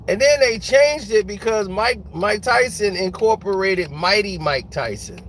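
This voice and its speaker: A man's voice: sits high, lively intonation, a little slow, hardly any pauses, a bit bright, slight background noise. A man telling casual stories as a guest, laughing often and acting out the people he quotes. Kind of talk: casual storytelling.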